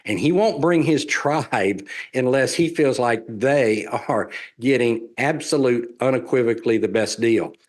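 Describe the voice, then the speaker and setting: Man, Southern US accent, middle pitch, folksy, persuasive, sales presentation. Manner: folksy, persuasive, repeats key points. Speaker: real estate investment presenter.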